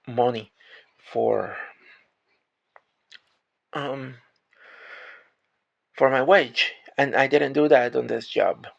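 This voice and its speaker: A heavily gravelly man from Puerto Rico rants to the camera about his retail job. He sounds exasperated and swears freely, often stumbling and restarting his words. His pitch sits in an ordinary middle range. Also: fairly bright tone. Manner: halting restarts when upset. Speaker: retail worker. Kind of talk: venting rant to camera.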